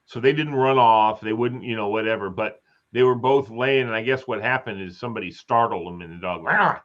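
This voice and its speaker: With a voice on the low side and a fairly quick delivery, a man hosts an informal live chat. He spins rambling, chatty stories and dramatizes quotes, and the lo-fi recording comes across as somewhat dull.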